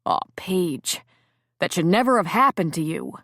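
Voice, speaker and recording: A big, protective man played by a woman narrator who talks low and quiet, with a snarl under it. Her voice sits lower and softer than her narration. The recording is close and dry. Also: animated, measured pace, dry recording, exaggerated voice. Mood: tender. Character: big, protective man, menacing when angry.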